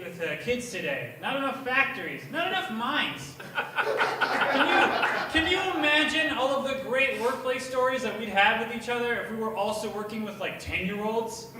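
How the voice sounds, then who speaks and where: A young man at an open mic doing rambling, profane stand-up that bursts into shouting. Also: high-pitched. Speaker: stand-up comedian. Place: small bar at an open mic night, indoors. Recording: echoey bar taped from far off, with room noise.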